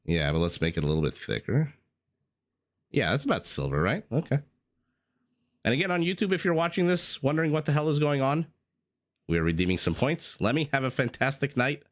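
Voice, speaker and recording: Pitched in the middle range, this male caster sounds animated, talks a little fast and pauses often. Streaming a strategy game live, he keeps things playful and chatty, pokes fun at himself and coughs along the way, mixing commentary with loose chat.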